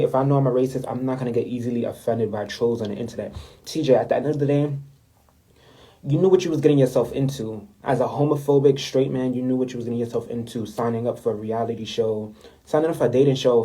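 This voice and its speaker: Young guy ranting to his viewers on a vlog, warm mellow voice, keeps repeating himself. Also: mid-range voice, low-quality recording. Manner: indignant, repetitive, addresses viewers as y'all. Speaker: vlogger. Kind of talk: story time rant to camera.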